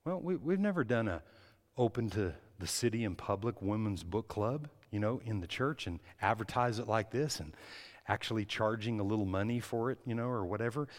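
A man's voice: fairly low pitch, lively intonation, a little fast. Impassioned preacher man, echoing church. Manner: impassioned, swings from soft to loud. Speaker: pastor. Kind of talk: sermon.

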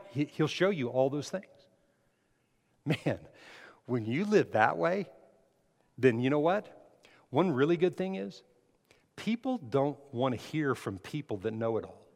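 A man's voice: mid-range voice, sing-song, measured pace, gravelly, long pauses, darkish tone. A man preaching a sermon, asking the congregation questions and building emphasis as he speaks. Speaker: pastor. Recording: long hall reverb.

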